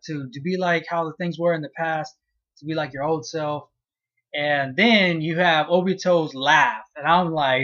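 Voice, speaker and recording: Dude ranting thru a manga recap, swears a lot, kinda high voice, muffled lo-fi sound. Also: male voice. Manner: profane, animated retelling with acted-out reactions. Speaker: manga reviewer. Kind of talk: casual vlog review.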